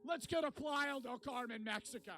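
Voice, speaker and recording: A man's voice: sits high, expressive, moderate pace, pushed and bright, soft background music. A young man telling a rowdy travel story in casual, profane storytime style. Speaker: vlogger. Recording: noticeable background noise.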